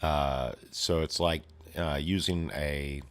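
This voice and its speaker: A man's voice: a bass voice, steady tone, slow pace. A man casually retelling a violent comic story, swearing freely and filling it with sound effects. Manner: profane, full of sound effects.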